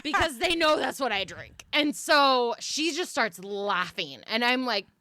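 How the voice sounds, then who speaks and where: A woman who works as a medium, chatting as a podcast guest and telling lively stories, acting out what spirits say. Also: a little high, a little slow, background noise. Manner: animated storyteller who acts out spirits' voices. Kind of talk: casual chat.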